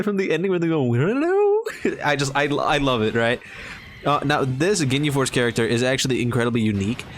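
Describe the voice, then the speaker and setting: A young man talks through a mobile game release while sick, excited and rambling, tripping over his words. His voice sits at an ordinary middle pitch. It is casual commentary recorded at a desk mic. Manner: enthusiastic, rambling with fillers and restarts. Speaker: mobile game content creator.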